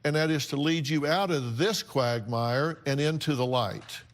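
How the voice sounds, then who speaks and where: A man's voice: fairly high pitch, unhurried, heavy background noise. An older man hosting a talk show, counseling guests in a blunt, emphatic, lecturing way.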